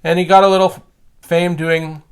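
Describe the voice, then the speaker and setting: A man's voice: sits high, little pitch movement, moderate pace, smooth. A man talking as a podcast guest in casual chat, blunt, profane and opinionated.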